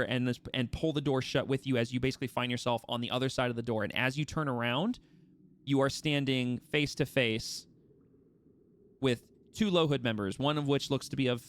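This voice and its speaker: Running a tabletop session, this game master narrates with lively animation, often starting his sentences over, in a clean, mid-range voice.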